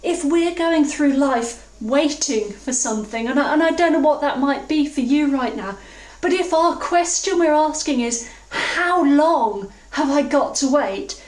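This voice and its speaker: A woman from England preaching a sermon, reflective and earnest, slowing down to stress key words. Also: high voice, animated. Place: church hall. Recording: roomy, distant mic.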